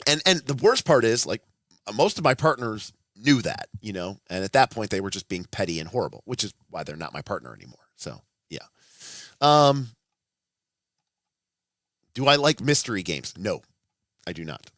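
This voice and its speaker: A man's voice: medium pitch, animated, moderate pace, fairly bright tone, dry recording, clean studio sound. A man in his thirties hosting a casual livestream, rambling with blunt, profane asides and frequent restarts. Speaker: livestream host.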